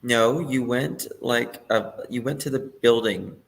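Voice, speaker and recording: A man's voice: mid-range voice, measured pace, creaky. A man hosting a casual interview, reading out viewer questions and laughing along with his guest. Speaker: host.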